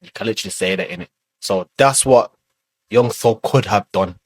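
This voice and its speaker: A man hosts a reaction video, talking loosely with lots of fillers and swearing. His voice sits a bit low. The sound is close and dry. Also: moderate pace, no room sound. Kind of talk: casual commentary.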